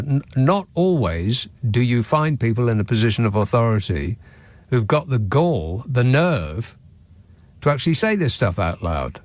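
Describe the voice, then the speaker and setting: A man's voice: mid-range voice, no echo. Wry British man hosting talk radio. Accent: British English. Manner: sardonic, wry storytelling. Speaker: radio phone-in host. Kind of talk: late-night call-in radio chat. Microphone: studio microphone.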